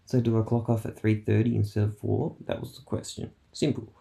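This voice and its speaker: Gravelly man telling work stories. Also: fairly low pitch, level tone, brisk, warm tone. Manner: rambling, swears, acts out coworkers' quotes. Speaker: vlogger recounting his workday. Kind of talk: casual storytelling vlog.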